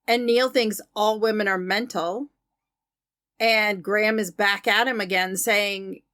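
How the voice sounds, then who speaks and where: A woman's voice: mid-range voice, fairly even intonation, a little slow, a bit bright, no room sound, clean studio sound. Agreeable woman co-hosting a podcast. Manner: agreeable, recaps the plot in detail. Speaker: podcast co-host. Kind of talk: casual chat reviewing a film.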